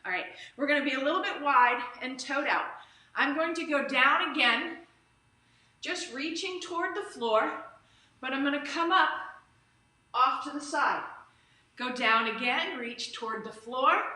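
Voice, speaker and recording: A high, bright woman talks a stretch and strength class through each move over a live stream. She is upbeat and chatty and wanders off on small asides. Her voice rings around an echoey room. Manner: upbeat, chatty, drifts into tangents. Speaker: fitness instructor. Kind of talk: live online exercise class. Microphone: camera or phone streaming live. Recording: roomy echo.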